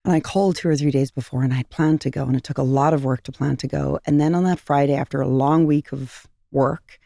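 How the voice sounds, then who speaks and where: A woman's voice: very deep voice, fairly even intonation, quick pace, vocal fry, dark tone, no room sound, studio quality. A middle-aged woman, a company founder and guest, telling personal stories in a heartfelt, earnest way on a podcast, sometimes repeating phrases for emphasis. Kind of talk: podcast interview, personal storytelling.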